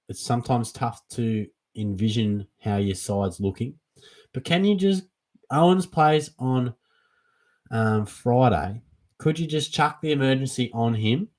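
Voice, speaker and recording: Aussie stream host, young guy, easygoing, chatty, mid-pitched, reads out chat questions. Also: a little mellow. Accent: Australian. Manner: laid-back and chatty, calls everyone mate. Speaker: fantasy football livestream host. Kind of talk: casual live Q&A, reading chat questions.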